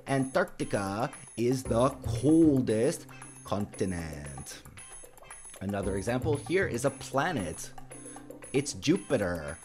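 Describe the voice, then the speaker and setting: Lively, animated male English teacher. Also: medium pitch. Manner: slow, careful pronunciation with emphatic stress. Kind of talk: scripted English lesson for learners.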